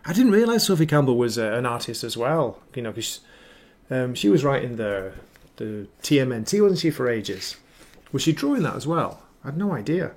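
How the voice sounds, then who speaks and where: A man's voice: medium pitch, sing-song, moderate pace, darkish tone. A man hosting a casual comic book livestream, chatty and enthusiastic, rambling through asides while reading viewer comments. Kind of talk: casual chat. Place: home livestream setup with ring light.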